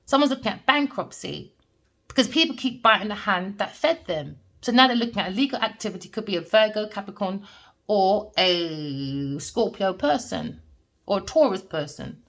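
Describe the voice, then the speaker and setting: A woman with a Jamaican family background, a tarot reader telling stories and giving a reading in an animated, emphatic way. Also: medium pitch, a little fast. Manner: animated, emphatic, repeats points with "all right?". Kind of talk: casual storytelling and tarot reading.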